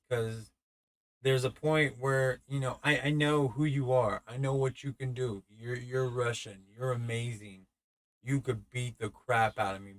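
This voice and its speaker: Speaking alone on his podcast, a man in his thirties rambles through casual stories, swearing, stammering and restarting frequently. He has a mid-range voice and a steady, unhurried delivery, recorded with no echo.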